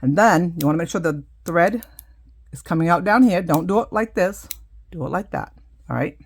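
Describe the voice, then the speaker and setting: A woman's voice: on the low side, expressive, moderate pace, husky. A middle-aged woman casually demonstrating a craft, chatty and full of asides as she works. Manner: chatty, explains hands-on with many asides. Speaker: craft teacher.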